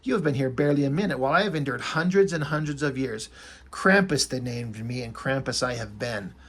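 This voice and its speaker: A man's voice: mid-range voice, brisk, fairly bright tone, breathy edge. A man reading aloud the lines of a weary male demon prince who longs to die, in a somber, pleading way. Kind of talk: reading comic dialogue aloud.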